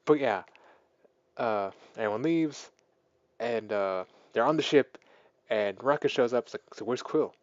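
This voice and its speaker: A man's voice: medium pitch, measured pace, pauses often, no echo, muffled recording. A man giving a casual spoken film review, rambling through the plot with lots of fillers and restarts. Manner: rambling, filler-heavy, excited plot retelling. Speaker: movie reviewer.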